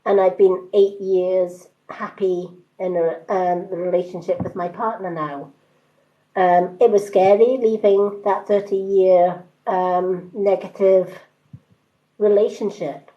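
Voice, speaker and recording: A woman in her fifties with a mixed British accent, giving a card reading on a live stream in an unhurried, hesitant, reassuring way with many ums. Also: mid-range voice, fairly even intonation, dull audio. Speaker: tarot card reader.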